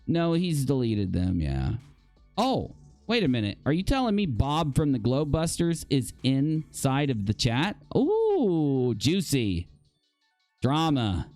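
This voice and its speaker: A man hosts a live-stream talk show, reading viewer comments aloud and reacting with disbelief, sighs and repeated exclamations. His voice sits at an ordinary pitch for a man. The mic is close and dry, with faint music playing underneath. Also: sing-song, unhurried, a little mellow, no room sound. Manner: exasperated, incredulous, rambling with sighs and repeated exclamations. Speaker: podcast talk show host.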